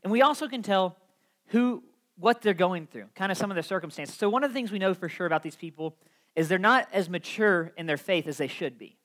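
Animated young preacher, high voice. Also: male voice, brisk. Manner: animated storyteller, laughs often, lively shifts in loudness. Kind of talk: sermon with a personal story.

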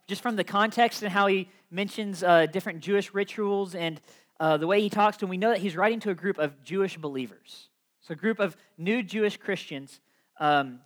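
A young man delivers a sermon from the pulpit. His voice sits high for a man, and he tells his story in an animated way, laughing often and swinging between loud and soft. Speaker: preacher.

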